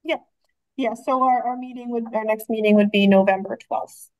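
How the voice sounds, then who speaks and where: Woman library director chatting through a board meeting, kinda high voice, lots of um and like. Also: fairly even intonation, normal speed, a little mellow, dry recording, rough recording. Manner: chatty, filler-heavy, frequent restarts.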